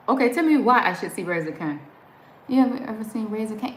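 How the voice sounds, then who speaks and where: A woman's voice: mid-range voice, fast talker. Chatty woman live streaming, Southern accent. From New Jersey. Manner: chatty, rambling, laughs often. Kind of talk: casual chat reading viewer comments. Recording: echoey room with faint background noise.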